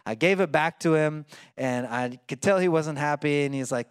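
Male pastor, relaxed talky preaching style, dry recording. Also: medium pitch, a little fast, clean tone, dry recording. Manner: conversational preaching with fillers and restarts. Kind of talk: sermon.

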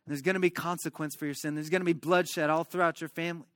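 A man voicing a stern but caring male prophet who speaks low, quiet and firm. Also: steady tone, fast talker, dry recording, studio quality, natural voice. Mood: rebuking.

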